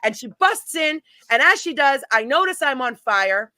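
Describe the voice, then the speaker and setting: Bright-voiced woman telling a story. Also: high voice, moderate pace, dry recording. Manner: animated, laughs while telling stories. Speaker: guest, paranormal event organizer. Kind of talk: casual storytelling.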